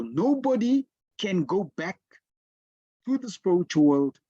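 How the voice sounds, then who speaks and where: A man giving a slow, deliberate devotional lecture as a spiritual teacher, telling stories with emphatic repetitions. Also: sits high, big pitch swings, warm tone, no room sound. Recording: dull, lo-fi dry sound.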